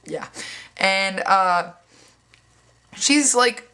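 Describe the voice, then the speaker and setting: A woman's voice: medium pitch, extremely slow, clear, resonant tone. A young woman vlogging casually, acting out quoted lines and swearing bluntly, with lots of "like". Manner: animated, acts out other people's lines in quoted voices; frequent "like" fillers, blunt and sweary. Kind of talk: casual storytelling vlog.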